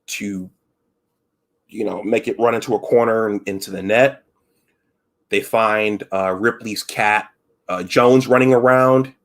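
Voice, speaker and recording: A man's voice: on the low side, fairly bright tone. A man hosting a casual live stream, retelling film scenes with frequent restarts and acted-out quotes. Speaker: host.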